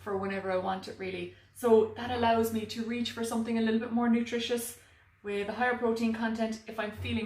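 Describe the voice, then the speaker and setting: A woman's voice: on the high side, a little mellow, slight background noise. Chatty woman cooking in an echoey kitchen. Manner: chatty, self-mocking humour. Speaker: cooking demo presenter. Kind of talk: live cook-along demonstration. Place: home kitchen. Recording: echoey kitchen, mic far off.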